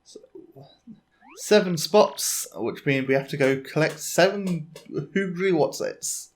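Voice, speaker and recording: A man's voice: a little high, slow pace, slight background noise. Jokey man doing gameplay commentary. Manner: jokey, laughing, rambling asides. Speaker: let's play host.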